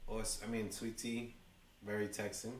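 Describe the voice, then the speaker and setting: A man with a New York accent giving chatty, excitable fan commentary to his livestream chat. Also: on the low side, normal speed, reverberant, far from the mic, a little hiss or hum. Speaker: livestream host. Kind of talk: fan watch-along commentary.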